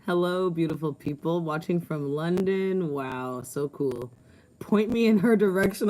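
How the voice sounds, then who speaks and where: A woman's voice: fairly low pitch, a little slow, dark tone, slight background noise. A woman co-hosting a casual livestream outdoors at home, chatting, laughing often and reading out viewer comments. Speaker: livestream co-host.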